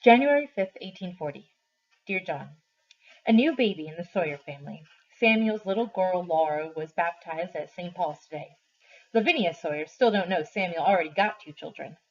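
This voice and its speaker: Woman teacher reading aloud, lo-fi. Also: on the low side. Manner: slow, deliberate expressive reading. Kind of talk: reading a novel aloud to a class. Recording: dull lo-fi recording.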